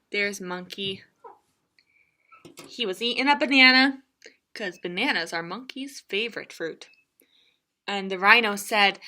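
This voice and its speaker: Children's librarian, woman, slow and playful storyteller with a bright, higher voice and sound effects. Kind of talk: children's story time reading.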